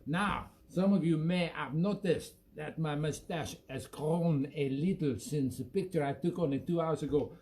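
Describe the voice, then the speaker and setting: A man's voice: on the high side, normal speed, few pauses, darkish tone, lightly acted. A man playing a bumbling French show host, talking in an exaggerated fake French accent that drifts toward Italian on a home webcam stream. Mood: jolly. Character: bumbling male French host, hammy and chatty. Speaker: livestream music show host. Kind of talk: comic live-stream banter.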